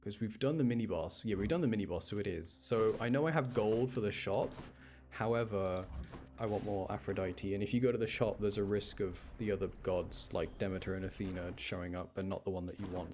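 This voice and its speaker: A man's voice: on the low side, a little fast, darkish tone, slight background noise. A young man chatting casually to his live chat while he plays a game, rambling from thought to thought. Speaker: live streamer.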